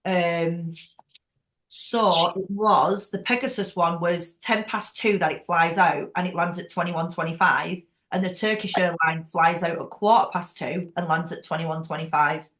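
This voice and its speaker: A woman leading a group call, chatty and frank, quick to laugh. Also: lowish voice, fairly bright tone, echoey room. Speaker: team leader hosting a group call. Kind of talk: casual chat.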